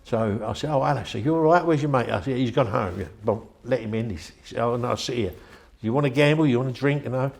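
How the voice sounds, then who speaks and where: A man's voice: mid-range voice, quick pace, creaky, hardly any pauses, darkish tone. An older man, telling a rambling, chatty story in an interview and acting out the voices of the people in it. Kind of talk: anecdotal storytelling.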